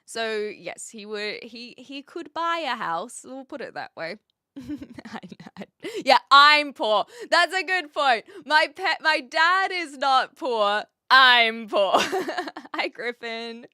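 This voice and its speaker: Lively bright-voiced New woman. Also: sits high, slow, no echo, clean studio sound. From New Zealand. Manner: chatty, lots of fillers and restarts. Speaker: streamer. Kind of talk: casual live-stream chat, reading and answering chat.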